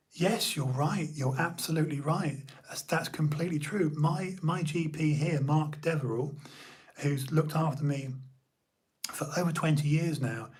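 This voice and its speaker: Guy on a podcast telling his story, kinda husky, bit higher voice, keeps saying brother. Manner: earnest, repeats himself, says "brother". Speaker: podcast guest. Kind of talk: casual storytelling.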